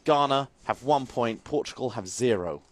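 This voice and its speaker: A man with a middle-pitched voice co-hosts a comic football talk show. He lays things out in a wry, deadpan way. The recording is dry and close. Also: moderate pace, no room sound. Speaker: podcast co-host. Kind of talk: comedic football chat.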